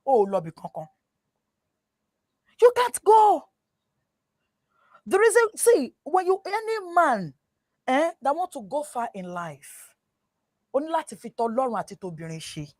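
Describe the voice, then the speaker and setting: A woman with a Nigerian accent on a talk show, giving animated, preachy advice, switching into Yoruba and often asking "you understand?". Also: high-pitched, unhurried, long pauses, no room sound, clean studio sound. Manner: mixes English with Yoruba. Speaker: guest. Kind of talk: casual talk show chat.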